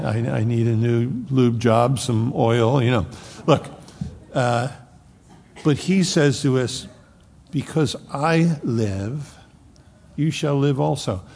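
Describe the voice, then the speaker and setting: A man's voice: medium pitch, vocal fry, a little mellow. A man in his seventies preaching a sermon, quoting scripture with emphasis and slipping in folksy jokes. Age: 70s. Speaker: pastor. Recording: long hall reverb.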